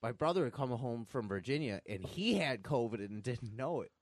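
A man's voice: mid-range voice, lively intonation, normal speed, a crowd in the background. A man in casual podcast chat, telling a rambling story and swearing freely. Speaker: podcast co-host.

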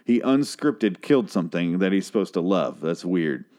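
Rambling, profane man with a lowish voice. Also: lively intonation, normal speed, darkish tone. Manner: rambling, profane, restarts a lot; mimics characters in a raised voice. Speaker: TV episode recapper. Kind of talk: casual episode recap.

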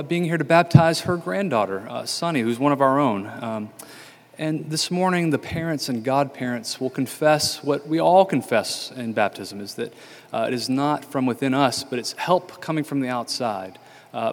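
A man preaching a sermon as pastor, talking conversationally with frequent fillers and restarts. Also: mid-range voice. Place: church sanctuary. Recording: church hall reverb.

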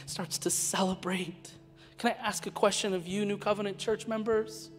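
Male guest preacher, high voice, dramatic whisper-to-shout delivery, long church reverb with soft music underneath. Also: big pitch swings, normal speed. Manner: dynamic, swinging from hushed whispers to loud shouting. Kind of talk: sermon.

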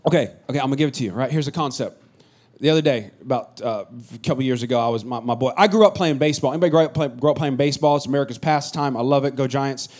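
A middle-aged man from the Bay Area preaching a sermon as pastor, animated and joking with his congregation. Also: medium pitch, rapid-fire. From San Francisco Bay Area. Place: church hall with a congregation.

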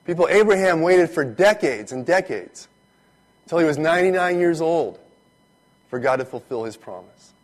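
A man, a pastor, giving a relaxed, conversational sermon that turns animated when he retells stories. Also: on the high side, moderate pace.

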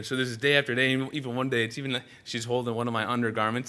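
A man's voice: medium pitch, little pitch movement, fast, few pauses, bright, forceful tone. A male pastor giving a sermon in a church, telling stories animatedly with frequent "uh" fillers and restarts.

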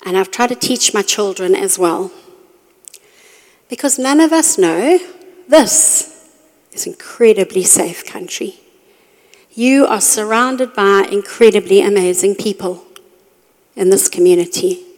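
A middle-aged woman giving a storytelling sermon to a women's group, animated when acting out her own reactions. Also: mid-range voice, measured pace. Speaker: women's ministry speaker. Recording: long reverb of a hall.

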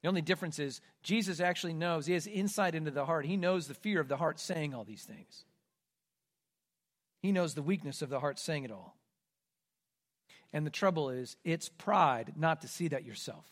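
Emphatic, high-voiced male preacher. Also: normal speed. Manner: emphatic preaching, swinging from loud declarations to hushed asides. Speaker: pastor. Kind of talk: sermon.

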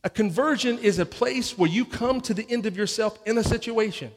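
A man preaches a sermon in a high, lifted voice, talking it through conversationally and voicing people's inner thoughts. He restarts phrases as he goes. The sound rings out with a long reverb from a church sanctuary. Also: fairly quick. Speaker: pastor.

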